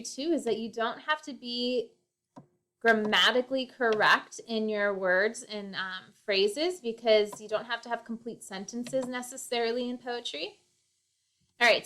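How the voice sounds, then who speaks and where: A woman's voice: a little high, bright, forceful tone. A woman teacher giving a recorded poetry lesson, patiently counting out syllables. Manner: slow, patient, clapping out syllables.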